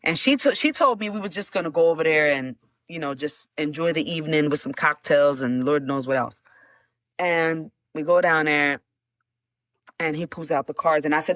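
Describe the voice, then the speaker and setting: Animated middle-aged woman, dry sound. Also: low-pitched, normal speed, dry recording. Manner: animated, repeats words, laughs often. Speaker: guest giving a testimony. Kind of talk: emotional storytelling.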